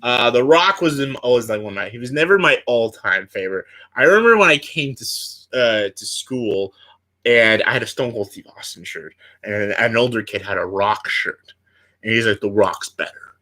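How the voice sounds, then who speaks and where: A young man with a bright, forward voice, talking through a countdown in casual chat. He is animated, jumping into loud impressions and back into easy banter. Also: mid-range voice, moderate pace. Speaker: co-host.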